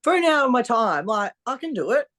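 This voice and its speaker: Brisk and a little high, this woman's voice belongs to a strongwoman athlete guesting on a podcast. In a casual interview she's an animated storyteller, blunt and freely swearing.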